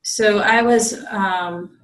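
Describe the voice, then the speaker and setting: An American woman, a visiting Zen priest, tells a story during a relaxed dharma talk in a meditation group room, full of fillers and restarts. Her voice is medium-pitched and she speaks very slowly. The room gives the recording a roomy echo.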